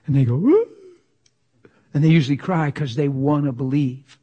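A man preaching a sermon with passion, swinging from loud exclamations to near-whispers. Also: medium pitch, steady tone, fast talker, husky, dull audio.

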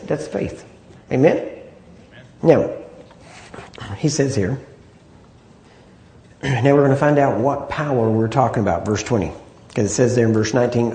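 A man's voice: mid-range voice, normal speed, pauses often, mellow. A man preaching a sermon in an easy, conversational way, often asking "Amen?" and "right?" to draw agreement. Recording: echoey room.

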